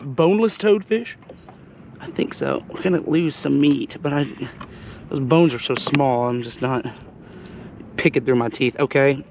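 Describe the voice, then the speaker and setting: A man hosting a fishing vlog, talking casually while he cleans and cooks fish, hoarse as he loses his voice. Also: a little high, a little mellow, muffled recording, slight background noise. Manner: chatty, exclaims often. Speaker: fishing channel host. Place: outdoors on a boat.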